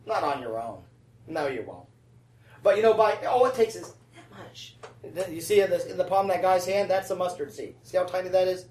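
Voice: medium pitch, expressive, fairly quick, darkish tone. Conversational preacher, roomy and distant. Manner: conversational, keeps asking the congregation "right?" and "amen?". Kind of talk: sermon. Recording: roomy sound from a distant mic.

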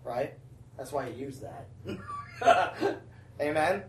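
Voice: medium pitch, wildly swooping pitch, very slow. A preacher giving a sermon in a chatty, conversational way, often checking in with the congregation with "right?" and "amen?". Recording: roomy sound from a distant mic.

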